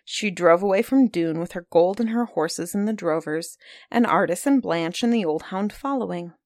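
A woman reading a fairy tale aloud, lively and expressive, giving the characters small voices of their own. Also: medium pitch, dry recording, clean studio sound. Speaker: storyteller. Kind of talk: storybook reading.

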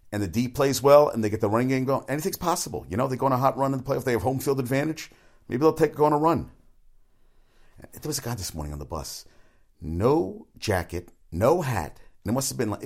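A man hosting a sports talk show, rambling bluntly from one topic to the next with frequent restarts and swearing. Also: fairly low pitch. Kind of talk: rambling casual monologue.

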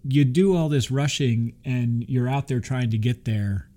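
A man's voice: medium pitch, a little slow, dark tone. Chatty man co-hosting a podcast. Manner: chatty, often seeks agreement with "right?". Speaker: podcast co-host. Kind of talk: casual chat.

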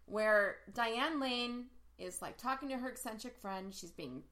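Bright, animated woman telling a story. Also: a little slow. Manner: animated, acts out quotes with big pitch jumps. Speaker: podcast co-host and workshop leader. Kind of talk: casual storytelling chat.

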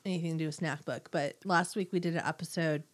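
A woman's voice: low voice, fairly even intonation, quick pace. A young woman co-hosting a casual podcast, chatty and giggly, reading listener mail aloud while losing her voice. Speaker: podcast co-host. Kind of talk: casual chat.

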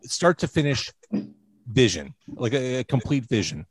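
A man's voice: medium pitch, sing-song, measured pace, slightly rough, no echo. A male host on a video call giving jokey introductions in a casual interview.

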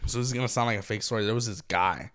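A man's voice: lowish voice, rapid-fire, a bit bright. A man with a cold, rambling through stories in a casual podcast chat, swearing freely and laughing often. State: congested from a cold. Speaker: podcast co-host.

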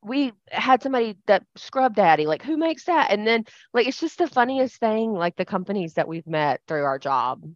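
A woman's voice: mid-range voice, lively intonation, moderate pace, few pauses, no echo. A woman co-hosting a podcast in casual chat, rambling and filling her talk with "like". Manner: chatty, rambling, lots of "like". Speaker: podcast co-host. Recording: dull, dry lo-fi sound.

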